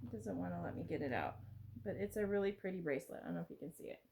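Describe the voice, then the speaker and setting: A woman's voice: fairly low pitch, animated, racing, vocal fry, a little mellow. A woman vlogger chatting casually to camera while opening gifts, gushing and exclamatory.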